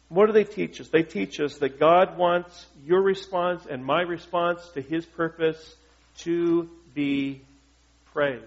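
Conversational male pastor on a muffled recording. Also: fairly high pitch. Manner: conversational, asks the congregation questions, joking. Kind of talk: sermon. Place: church. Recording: dull lo-fi recording.

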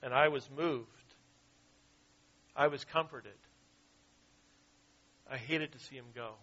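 A man's voice: medium pitch, slow pace, fairly bright tone, lo-fi sound. A man preaching a sermon in an earnest way, often repeating his key phrases. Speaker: pastor.

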